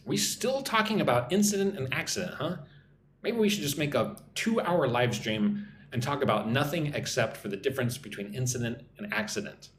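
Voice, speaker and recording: A man with an animated, medium-pitched voice teaches English on a live stream, reading viewer comments aloud and greeting people in their own languages. He explains slang with slow example sentences, and the room has an echo with a faint hum behind it.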